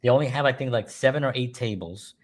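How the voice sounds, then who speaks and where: A man tells old neighborhood stories in a casual chat. His voice sits at an ordinary middle pitch. He talks animatedly and chuckles through his stories. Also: fast. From New York. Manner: animated storyteller, chuckles while talking, puts on voices in quotes.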